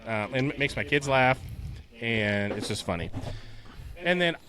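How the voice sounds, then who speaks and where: A man in his thirties co-hosting a casual podcast, animated and chatty. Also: mid-range voice, a little slow. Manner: animated, quotes movie lines in silly voices. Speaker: podcast co-host.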